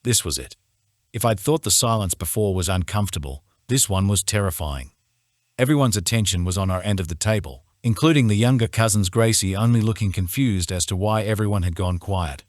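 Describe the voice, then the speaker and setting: A man reads a romance novel in the first person with steady, measured storytelling. His voice sits very low. The studio recording is dry and close, with no room sound. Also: no room sound. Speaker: audiobook narrator. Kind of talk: scripted first-person narration.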